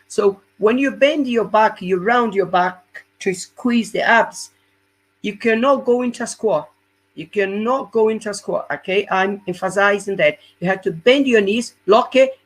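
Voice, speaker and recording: Husky man coaching a fitness webinar. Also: sits high. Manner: explains step by step, often checking in with "yeah?"; non-native English phrasing. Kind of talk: live webinar instruction.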